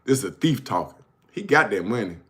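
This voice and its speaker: A man's voice: lowish voice, animated, brisk, fairly bright tone. A man hosting his own show, telling stories casually, often laughing and calling the listener bro. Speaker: host. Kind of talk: casual storytelling.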